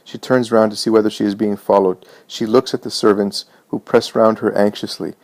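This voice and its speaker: Low-voiced man narrating a religious text. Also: little pitch movement, a little fast, a little mellow. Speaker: reader.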